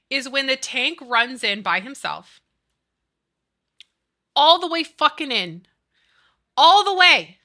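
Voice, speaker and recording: A woman with a slightly high, bright voice and a forceful tone chats casually with her stream while building. She's chatty and profane, ranting with lots of swearing and reading chat messages aloud.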